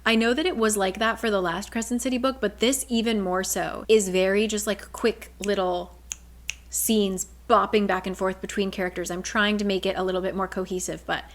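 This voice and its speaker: A woman's voice: mid-range voice, brisk. Chatty woman retelling a book plot. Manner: chatty, fills speech with "like"; animated, briefly mimics characters. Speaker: book summary vlogger.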